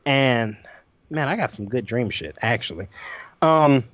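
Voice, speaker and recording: A man co-hosting a podcast, telling a nightmare story in an animated, profane way and acting out his own lines. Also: mid-range voice, measured pace. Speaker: podcast co-host. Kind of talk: casual storytelling chat. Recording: dull lo-fi audio, dry.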